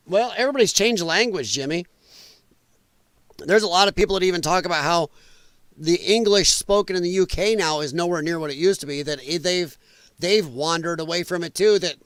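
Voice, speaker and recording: A man's voice: high voice, a bit bright, no echo. A man hosting a podcast livestream, rambling in casual commentary and reacting aloud to viewer chat. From United States. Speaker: podcast host.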